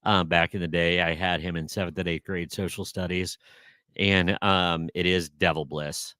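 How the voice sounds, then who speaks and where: A man with a very low voice that still comes across bright and forceful, co-hosting a podcast. He is a former teacher who chats casually, jokes and laughs easily. The sound is dry and close to the mic. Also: level tone, smooth, no room sound. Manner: jokey, quick to laugh. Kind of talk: casual chat. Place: live podcast recording.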